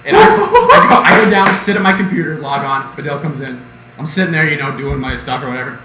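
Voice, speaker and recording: A young man with a higher voice that swings up and down, telling stories excitedly in casual chat. The room is echoey, and other people can be heard around him. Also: fast talker, very noisy. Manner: lively, excitable storyteller. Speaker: podcast co-host. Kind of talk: casual chat among friends.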